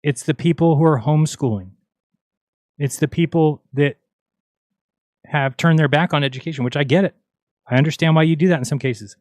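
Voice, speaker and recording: A man's voice: a little high, a little fast, long pauses, darkish tone, no echo, studio quality. A man hosting a livestream, talking casually in an exasperated, mocking, argumentative way. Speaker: livestream host. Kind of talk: casual ranting livestream talk.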